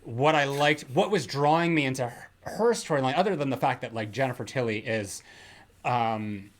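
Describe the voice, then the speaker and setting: Male American podcast co-host, medium pitch, loose rambling casual delivery. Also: normal speed. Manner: rambling, many fillers and restarts. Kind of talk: casual chat.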